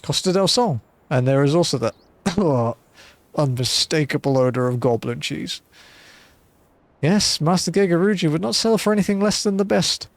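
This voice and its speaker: A man's voice: fairly high pitch, expressive, moderate pace, no room sound, pitched above the performer's own voice. A man voicing a blind retired male mercenary turned wine merchant who speaks in a courteous, old-fashioned formal way, reading game dialogue aloud. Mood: genteel.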